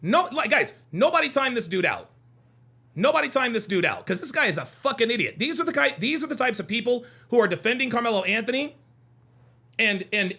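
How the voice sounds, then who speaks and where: A man's voice: very high-pitched, creaky, bright, forceful tone. A man hosting a heated livestream, reading out chat comments and arguing with them in a combative, mocking way, repeating his points.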